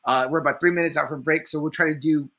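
A man's voice: on the high side, fairly even intonation, quick pace, noisy background. A man co-hosting a podcast, chatting casually about comedy movies, rambling, swearing often and a little tipsy. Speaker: podcast co-host.

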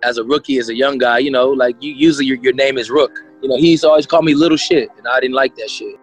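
Ex ball player talking fast and blunt, swears a lot, pretty monotone. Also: male voice, medium pitch, faint music behind. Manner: frank, profane, lots of fillers. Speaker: former basketball player. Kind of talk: candid interview.

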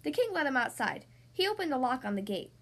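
A woman hosting a children's podcast, reading a storybook aloud in an expressive way. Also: sits high, quick pace. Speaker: podcast host and reader.

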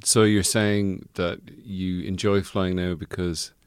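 A man's voice: low-pitched, little pitch movement, slow pace, clear, resonant tone, no echo, clean studio sound. A man co-hosting a podcast, chatting casually with jokey, absurd asides. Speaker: podcast co-host. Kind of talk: casual chat.

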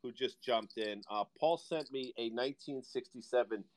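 A man's voice: mid-range voice, moderate pace, a little hiss or hum. A man co-hosting a markets podcast, joking in a wry, teasing way with offhand asides. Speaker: podcast co-host. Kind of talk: casual market chat.

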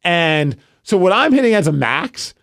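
Animated man telling a gym story. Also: sits high, a little slow, gravelly. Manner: animated storyteller, self-mocking, acts out his own inner thoughts. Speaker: podcast co-host. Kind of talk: casual chat.

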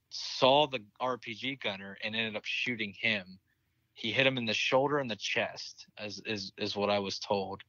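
A man's voice: fairly low pitch, pushed and bright, no echo, dull audio. A young man, a military veteran, candidly telling a war story in casual conversation, swearing freely and laughing at grim moments. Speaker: interview guest, military veteran.

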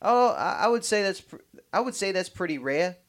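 A man's voice: high voice, lively intonation, normal speed, voice pushed up. A man putting on a New York accent to quote a blunt, offhand New York man. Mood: breezy. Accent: attempted New York.

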